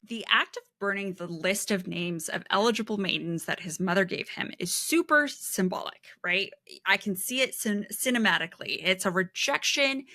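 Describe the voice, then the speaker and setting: A woman co-hosting a book podcast, explaining themes in a measured way and reading quotes aloud. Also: fairly low pitch, bright, forceful tone, no echo, clean studio sound. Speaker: podcast co-host. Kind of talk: casual book discussion.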